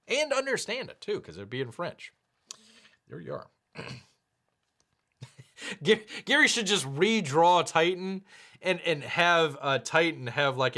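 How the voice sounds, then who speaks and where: A man's voice: mid-range voice, pushed and bright. A man hosting a casual livestream and reading viewer comments, rambling and jokey, often searching aloud for words. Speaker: livestream host.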